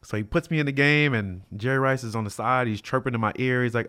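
A man in his fifties from California recounts his playing days as an interview guest in a mid-pitched voice. He talks in a lively way, lifting his pitch and volume sharply whenever he acts out someone else's words. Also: fast, clear, resonant tone. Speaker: guest, former pro football player. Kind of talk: storytelling in an interview.

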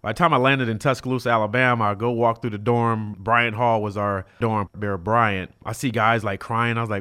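Middle-aged man telling lively stories. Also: fairly low pitch, brisk, few pauses, clear, resonant tone. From South Central Los Angeles. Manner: animated, acts out quoted dialogue, many fillers like "you know". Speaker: guest, former college football player. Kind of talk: storytelling in a casual interview.

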